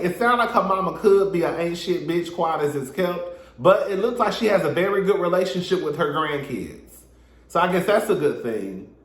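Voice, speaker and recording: A man giving a sassy, animated casual recap of a reality show, talking straight to his viewers. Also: on the high side, echoey room. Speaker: reality TV reviewer.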